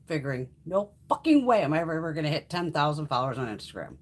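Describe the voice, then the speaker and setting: A woman's voice: sits low, sing-song, rapid-fire, husky. A middle-aged woman chatting casually while hosting a beauty livestream, swearing freely and laughing often. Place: home makeup room.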